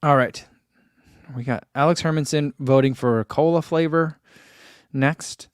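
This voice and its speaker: A man's voice: on the high side, a little slow, clean tone, dry recording, clean studio sound. A man hosting a running channel, chatting casually on a livestream, rambling in an easygoing way with many fillers while reading viewer comments. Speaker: running channel host reading live chat.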